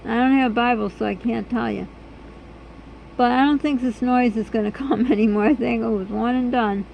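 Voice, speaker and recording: A hoarse woman vlogging in an earnest, rambling, chatty way. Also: fairly high pitch, steady tone, moderate pace, highs cut off, slight background noise. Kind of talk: casual vlog chat.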